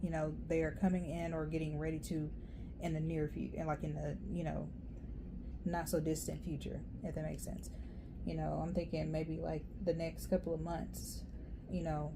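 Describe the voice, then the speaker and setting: A woman giving a casual, rambling tarot reading, chatty and quick to laugh. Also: low-pitched, level tone, vocal fry, noisy background. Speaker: tarot reader.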